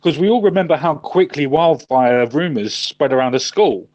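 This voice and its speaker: A man's voice: on the high side, expressive, normal speed, darkish tone, dull audio. A man co-hosting a casual chat, emphatic, repeating his points and swearing casually. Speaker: co-host.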